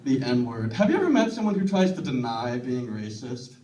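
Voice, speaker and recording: A man performing a stand-up comedy set with a deadpan, self-deprecating delivery, in a comedy club with a laughing audience. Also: medium pitch, normal speed, distant mic, noisy background. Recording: roomy club, mic heard from afar, audience laughing.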